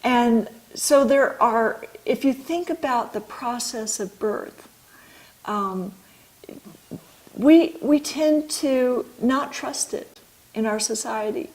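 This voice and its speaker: A middle-aged woman, an author and midwife, explaining her ideas slowly and thoughtfully in an interview. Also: a little high, darkish tone, low-quality recording.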